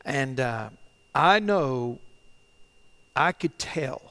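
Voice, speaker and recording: A middle-aged man preaching a sermon as pastor, earnest and halting, often repeating phrases and swinging between loud and hushed delivery. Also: medium pitch, lively intonation. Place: church, online service.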